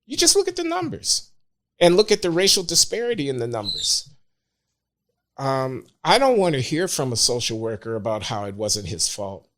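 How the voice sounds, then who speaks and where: Measured, emphatic older man guest. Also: medium pitch, wildly swooping pitch, a bit bright. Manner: measured, emphatic, hesitant uhs. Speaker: podcast guest. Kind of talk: opinionated talk.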